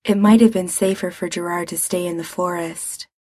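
A woman reading fiction aloud in a calm, measured way. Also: lowish voice, slightly rough, no echo, clean studio sound. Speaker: reader.

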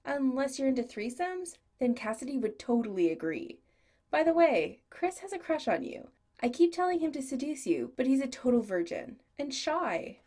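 A woman's voice: high voice, big pitch swings, moderate pace, a little mellow, pitched above the performer's own voice. A woman voicing a crude, cheeky male friend who writes brash, bubbly notes.

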